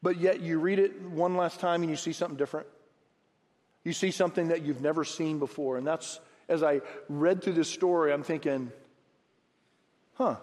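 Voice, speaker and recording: A man preaching a sermon as pastor, acting out Bible dialogue in lively, animated bursts. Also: a little high. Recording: long hall reverb.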